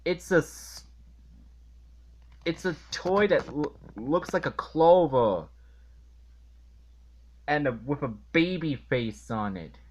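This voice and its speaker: A man reviewing a cartoon episode in an indignant rant, halting and restarting as he talks. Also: on the high side, lively intonation. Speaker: video reviewer.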